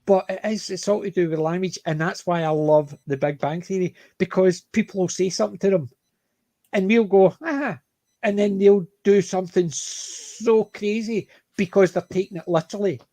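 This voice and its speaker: Middle-aged man, Glaswegian accent, host of a chat panel, anecdotal, fairly high voice, dry close sound. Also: normal speed, no echo. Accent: Glaswegian Scottish. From Scotland, Glasgow area. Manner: chatty, anecdotal, animated. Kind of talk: casual chat.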